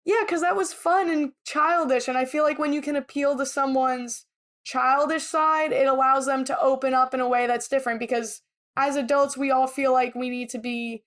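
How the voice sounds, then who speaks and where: A woman's voice: sits high, fairly even intonation, normal speed. A woman co-hosting a podcast, chatting casually and airing firm opinions. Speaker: podcast co-host.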